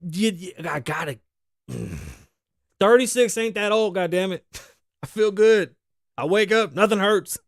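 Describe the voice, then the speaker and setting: A man in his thirties hosting his own podcast, riffing in a loud, joking, profane way. His voice sits high and swings up and down a lot. The sound is dry and close, with no room around it. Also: takes it slowly, pauses often, dry recording. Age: 30s. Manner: profane, animated, joking, laughs often. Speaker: podcast host. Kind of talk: casual solo podcast rant. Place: studio.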